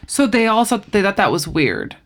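A woman in casual conversation, telling a story with lively acted-out quotes. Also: medium pitch, moderate pace. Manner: animated storyteller, acts out quoted voices. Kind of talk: casual chat.

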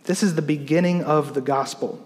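A man, a pastor, preaching a sermon in an explanatory teaching manner, slowing down to read scripture. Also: fairly high pitch, fairly even intonation, in a large hall.

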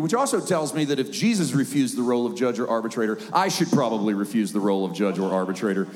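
A man's voice: medium pitch, lively intonation, fast talker, hardly any pauses, a little mellow, in a large hall. A middle-aged man preaching a sermon in a conversational way, sometimes acting out the voices he quotes.

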